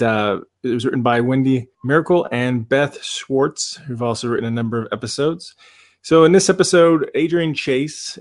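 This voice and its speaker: A man co-hosting a podcast, summarizing an episode in a steady, plain way. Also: mid-range voice. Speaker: podcast co-host. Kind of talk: casual episode recap.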